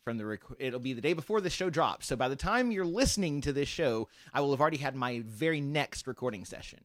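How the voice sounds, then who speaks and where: A man's voice: mid-range voice, expressive, fast talker, fairly bright tone, dry recording. Earnest podcast man, dry close sound. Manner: earnest, rambling explanations with restarts. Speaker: podcast co-host. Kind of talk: casual chat.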